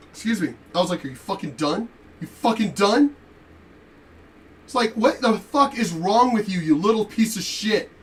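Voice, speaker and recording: A man telling a story in a profane, animated rant while commenting on a reaction video. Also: high-pitched, recorded from a distance. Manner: animated, profane, laughing asides.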